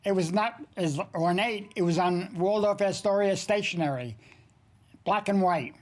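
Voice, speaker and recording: A man's voice: high-pitched, moderate pace. Older man telling wry career stories. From United States. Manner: wry, anecdotal storytelling with dry jokes. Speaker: cartoonist recalling his career. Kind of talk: documentary interview narration.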